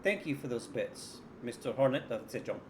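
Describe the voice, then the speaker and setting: A man's voice: mid-range voice, animated, normal speed, background noise. A man streaming a survival game, chatting casually with viewers in a wry, profane, often muttered way. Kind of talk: casual gameplay commentary.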